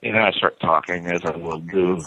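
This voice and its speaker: Husky-voiced man spinning stories over the phone. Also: deep voice, fairly even intonation, a little fast, bright, forceful tone, no room sound, lo-fi sound. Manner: rambling anecdotes, laughing and swearing often. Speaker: guest calling in. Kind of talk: casual storytelling. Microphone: phone call.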